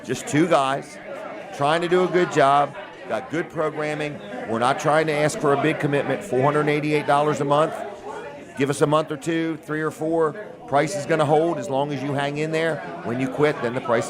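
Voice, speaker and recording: A man hosting a local radio show, pitching sponsorships in a folksy, joking patter. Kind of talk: casual radio talk and sales pitch.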